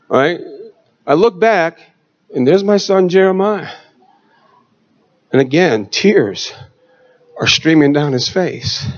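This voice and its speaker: Middle-aged male preacher, high lively voice, unhurried, shouts then hushes. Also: dull audio. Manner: swings from shouting to hushed storytelling. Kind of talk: sermon testimony.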